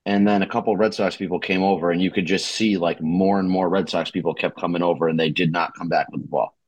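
Podcast host, man, Boston accent, deep, dry close sound, loose profane storyteller. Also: fairly even intonation, quick pace, breathy edge, dry recording, highs cut off. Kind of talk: casual sports podcast chat.

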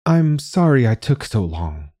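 A man voicing a gentle alien visitor that speaks in a halting, careful way in an audiobook story. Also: medium pitch, very animated, dry recording, clean studio sound, pitched above the performer's own voice. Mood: earnest. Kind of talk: audiobook reading.

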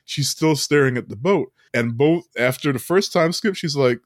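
A man's voice: mid-range voice, fairly quick, hardly any pauses, no room sound, studio quality. A man co-hosting a podcast, recapping a film in casual chat, often laughing and acting out the characters' lines.

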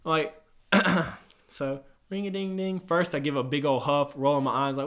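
A young man chatting casually about his job at a gym desk. His voice sits a little high for a man, and he swears freely while acting out both sides of phone calls. It sounds like relaxed, animated storytelling among friends. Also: normal speed. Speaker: gym front desk worker.

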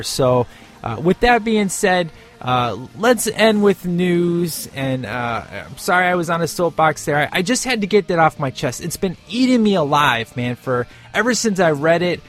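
A man's voice: on the high side, very animated, a little slow, fairly bright tone, soft background music. Emphatic ranting male podcast host. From United States. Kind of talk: casual show review and rant.

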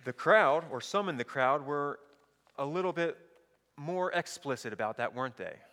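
A man's voice: on the high side, lively intonation, moderate pace, bright, forceful tone, in a large hall. A male pastor reading scripture aloud and preaching a sermon, asking the listeners rhetorical questions.

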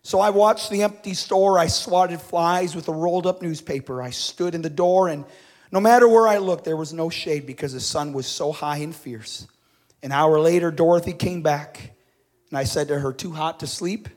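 A man's voice: fairly high pitch, moderate pace, darkish tone. A man preaching and reading a story aloud, swelling and dropping his volume for drama. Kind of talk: storytelling sermon.

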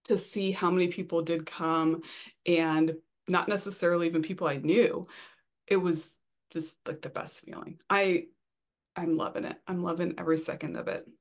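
A young adult woman with a fairly low voice talks as an interview guest about her first book. She is bubbly and excitable, laughs often, and fills her pauses with "um" and "you know.". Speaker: debut romance author, podcast guest. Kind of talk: casual interview chat.

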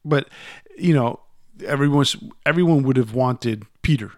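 Rambling podcast host, dry close sound. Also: male voice, mid-range voice, measured pace, no room sound. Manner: rambling, with frequent restarts and repeated words; emphatic, voice rising when making a point. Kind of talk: casual chat.

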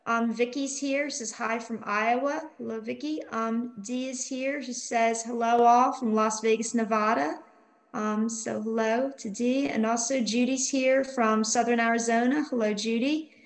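A woman's voice: a little high, fairly even intonation, measured pace, rough recording. A middle-aged woman co-hosting a live online Bible study, reading scripture and viewer comments aloud with frequent ums. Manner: warm greetings, reads viewer comments aloud with many ums.

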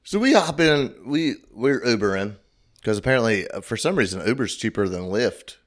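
A man's voice: mid-range voice, expressive, normal speed. Rambling, profane male storyteller. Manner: rambling, profane anecdote-telling. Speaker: podcast co-host. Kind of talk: casual chat, storytelling.

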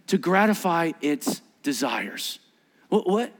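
Animated middle-aged male pastor preaching. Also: on the high side, a little slow. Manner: animated storytelling with voiced quotes and asides; drops to a hushed near-whisper for emphasis. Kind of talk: sermon.

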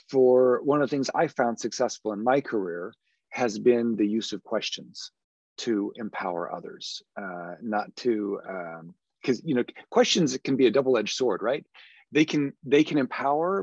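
A man's voice: medium pitch, unhurried, darkish tone, no echo, lo-fi sound. A man, a podcast guest and education consultant, explaining earnestly in a conversational interview. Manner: earnest, explanatory, demonstrates tones of voice.

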